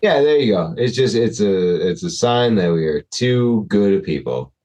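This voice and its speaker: A man's voice: fairly low pitch, big pitch swings, moderate pace, warm tone. A man appearing as a comedian guest on a podcast, chatting casually in a self-deprecating, filler-heavy way. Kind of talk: casual chat.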